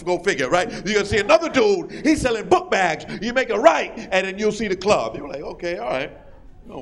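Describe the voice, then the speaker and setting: A male stand-up comedian with a high, gravelly voice. He tells his stories loudly and acts them out, shouting the punchlines. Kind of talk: stand-up routine.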